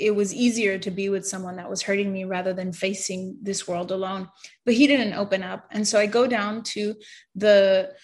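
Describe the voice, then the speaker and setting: A woman at a mid-range pitch tells her personal testimony in an earnest, emotional way. She halts and stammers through restarts, and she often sinks into a soft, quiet voice. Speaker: person sharing a faith testimony.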